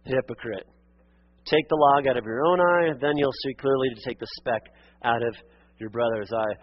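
A man preaching a sermon as pastor, earnest and exhorting, calling listeners friend and beloved, rising to emphatic peaks and dropping to quiet asides. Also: mid-range voice, normal speed, no room sound, muffled recording. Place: church sanctuary.

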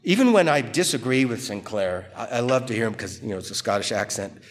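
An American man preaching an expository sermon as pastor, slow and emphatic, often repeating words for stress. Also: mid-range voice, expressive. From United States. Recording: long hall reverb.

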